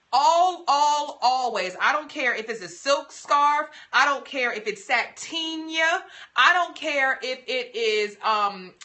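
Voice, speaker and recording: A woman's voice: on the high side, bright, forceful tone. A young woman hosting a casual livestream, giving beauty tips in a sassy, playful, emphatic way.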